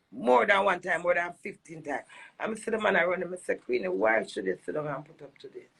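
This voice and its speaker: Jamaican woman, heavy gravelly fry, husky breathy edge, emphatic heated venting, patois mixed with English. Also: medium pitch. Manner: emphatic, repetitive, switching between patois and English. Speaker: dancehall personality airing a marital dispute.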